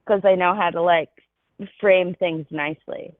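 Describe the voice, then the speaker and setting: A woman's voice: on the low side, fairly even intonation, a little slow, no echo. Woman on a tinny call line. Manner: candid, rambling, laughs easily. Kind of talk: casual chat.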